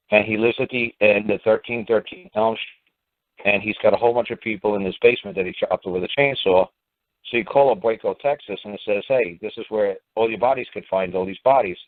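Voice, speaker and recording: New york guy ranting on a call-in show, swears a lot, lowish voice, tinny phone sound. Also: no echo. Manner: blunt, profane, rambling storytelling. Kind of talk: casual radio call-in talk. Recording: dry phone-line audio.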